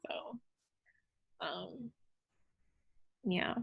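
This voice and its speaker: A woman's voice: fairly low pitch, extremely slow, gravelly, slightly rough, dull audio. A young woman, a podcast guest, telling a personal story in casual chat, candid and profane, with lots of fillers.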